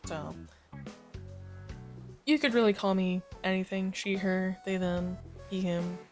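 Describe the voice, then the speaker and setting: A woman with a lowered morning voice hosting a livestream, chatting casually while she plays a game, easygoing and rambling with many fillers. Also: fairly even intonation, takes it slowly, a little mellow, faint music behind. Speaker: livestream gamer host.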